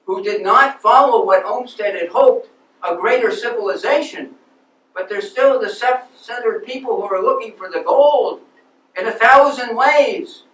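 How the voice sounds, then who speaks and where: A historical reenactor with a very high-pitched, fairly bright voice performs a first-person living-history monologue as an aging 19th-century landscape architect, passionate and restless, telling his story with earnest emotion. It was recorded in an echoey lecture hall with a distant mic.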